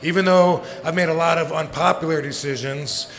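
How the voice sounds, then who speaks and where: A gravelly, slightly bright voice on the high side belongs to a brisk man in his forties who speaks with fairly even intonation. Appearing on a live podcast, he spins rambling, profane tales punctuated by laughter, and the venue's long reverb and faint noise are audible.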